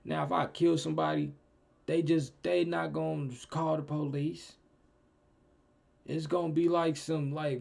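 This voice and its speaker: Young guy reacting to a clip, super gravelly voice, slangy, goes loud then mutters. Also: a little high, steady tone, unhurried. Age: young adult. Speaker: reaction streamer. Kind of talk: casual reaction commentary.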